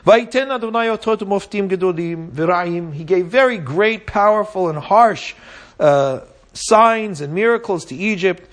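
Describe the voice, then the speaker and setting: A man with a high voice teaches a class, reading Hebrew verses aloud and translating them line by line. He explains patiently and keeps checking in with his listeners. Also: measured pace, fairly bright tone. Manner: explains step by step, often asks "right?" and "yeah?". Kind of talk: Torah class on the Haggadah.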